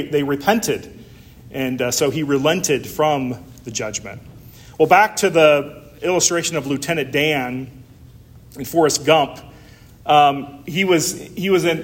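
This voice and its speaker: A man preaching a sermon in a conversational way, with frequent fillers and an occasional light laugh. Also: on the high side. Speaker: pastor.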